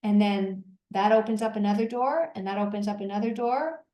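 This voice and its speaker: A middle-aged woman hosting a solo podcast, coaching listeners through a calming exercise, tired after a long day of talking. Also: mid-range voice, brisk, echoey room, rough recording.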